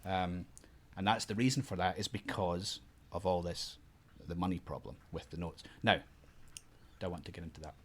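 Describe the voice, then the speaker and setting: A middle-aged man co-hosting a casual family podcast chat. He talks in a halting, self-deprecating way and explains things patiently to children. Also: sits low, fairly even intonation, fairly bright tone, a little hiss or hum. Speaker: podcast co-host.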